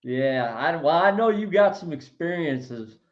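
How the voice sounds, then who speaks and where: A male podcast host chatting casually with his guest, enthusiastic and quick to laugh. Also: a little high, lively intonation, dull audio. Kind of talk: casual interview chat.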